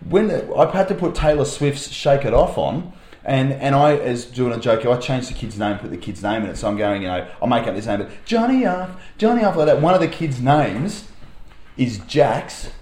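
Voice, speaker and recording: A man's voice: mid-range voice, moderate pace, roomy sound. A young Australian man, a primary school teacher, telling a rambling anecdote on a chat podcast with lots of fillers. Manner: rambling, animated storyteller with fillers.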